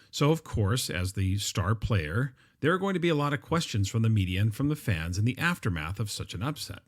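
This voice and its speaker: A middle-aged man hosting a podcast, talking conversationally in a solo monologue with frequent ums and uhs. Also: on the low side. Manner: conversational, with frequent fillers and restarts. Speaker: podcast host.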